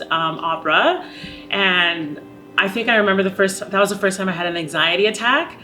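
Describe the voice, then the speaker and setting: Candid young woman, soft music. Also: medium pitch. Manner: open and reflective, heavy use of "like" as a filler. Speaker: opera singer. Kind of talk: candid documentary interview.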